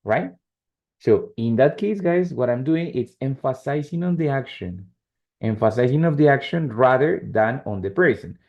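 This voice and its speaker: A man teaches English on a video call. His voice is gravelly and mid-pitched, and the audio is dull and lo-fi. He talks things through patiently, dropping in "right?" and "yes?" as he goes. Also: expressive, darkish tone. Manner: explains slowly with many checks like "right?" and "yes?". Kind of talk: online English lesson.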